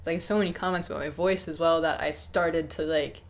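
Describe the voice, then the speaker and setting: A young woman in her twenties talking to camera off the cuff, hesitant and reflective, with many pauses and restarts. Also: low-pitched, fairly even intonation. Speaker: YouTuber. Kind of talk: casual unscripted talk to camera.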